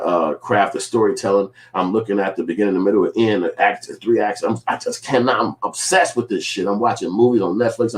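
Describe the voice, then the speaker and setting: A man filmmaker in a casual commentary vlog, rambling and profane, acting out little quoted scenes. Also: lowish voice. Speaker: filmmaker and vlogger.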